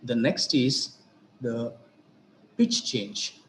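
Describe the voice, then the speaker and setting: A man teaching grammar, moving at an unhurried pace and spelling out each example. His voice sits at an ordinary pitch. The recording sounds roomy and echoey, with faint ambience behind him. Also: expressive, a bit bright, a little hiss or hum. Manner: deliberate, repeats and spells out examples. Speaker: English teacher. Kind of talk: slow explanatory grammar lecture.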